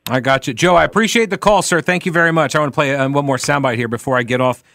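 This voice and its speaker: Talk radio host, man, sarcastic and animated, fairly high voice, dry studio sound. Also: fast, vocal fry, dry recording. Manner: animated, sarcastic, mocking asides. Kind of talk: opinionated talk radio commentary. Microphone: studio mic.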